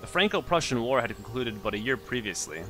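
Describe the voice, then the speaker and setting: A man's voice: mid-range voice, very animated, brisk. A man hosting a let's play who reads the game's story text aloud and breaks off into chatty, puzzled asides. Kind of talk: casual gameplay commentary, reading game text aloud. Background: loud game music.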